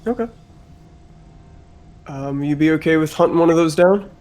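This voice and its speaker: A man's voice: fairly high pitch, normal speed, darkish tone. A man playing a tabletop game, talking bluntly and arguing in character. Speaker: player. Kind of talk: casual tabletop game play.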